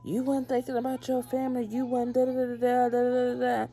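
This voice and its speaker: A woman's voice: on the high side, completely flat delivery, a little fast, dark tone, soft background music, pitched above the performer's own voice, natural voice. A woman voicing an angry male police officer who scolds bluntly. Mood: scolding. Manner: blunt, accusing.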